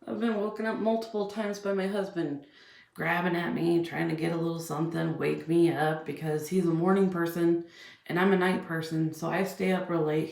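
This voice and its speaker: A woman's voice: lowish voice, creaky, a little mellow, roomy sound. A woman ranting bluntly and profanely in a heated video commentary. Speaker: vlogger.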